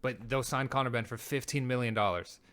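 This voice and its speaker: A man's voice: medium pitch, steady tone, bright, forceful tone. A man hosting a show, ranting heatedly and with lots of swearing as he reacts to clips. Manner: heated, profane, rapid ranting. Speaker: show host. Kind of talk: casual commentary on clips.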